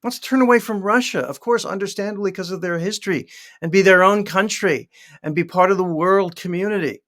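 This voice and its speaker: A man appearing as a historian guest on a podcast, explaining in a measured way with fillers. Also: high voice, fairly bright tone. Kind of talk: explanatory interview talk.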